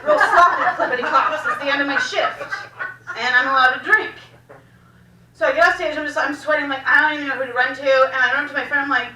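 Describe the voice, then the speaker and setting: A young woman telling a profane, animated stand-up story, laughing as she goes, in a small cafe room. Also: sits high, quick pace, distant mic. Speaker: stand-up comedian. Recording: echoey room, mic heard from afar.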